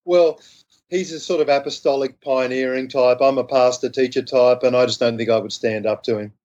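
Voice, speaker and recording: Soft-spoken Australian man, lo-fi line. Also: medium pitch, fairly even intonation, brisk. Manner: thoughtful, modest, hesitant restarts. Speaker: guest author. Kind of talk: podcast interview.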